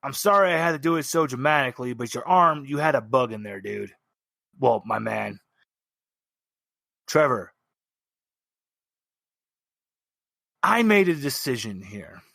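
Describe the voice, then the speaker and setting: A man's voice: mid-range voice, lively intonation, moderate pace, vocal fry, pushed and bright, no room sound, clean studio sound. A man voicing a cocky, playful male cyborg fixer who teases with pet names, in a tabletop game. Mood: teasing. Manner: teasing, calls people big boy.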